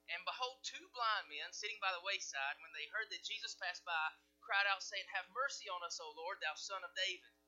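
Male pastor, bright and sharp tone, high voice, slightly dull recording. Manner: preaching with swings from loud to hushed. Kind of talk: sermon.

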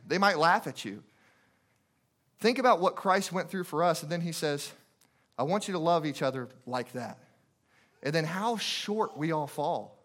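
Impassioned higher-voiced male preacher. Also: a bit bright. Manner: impassioned, repetitive preaching with rhetorical questions. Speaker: guest preacher. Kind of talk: sermon.

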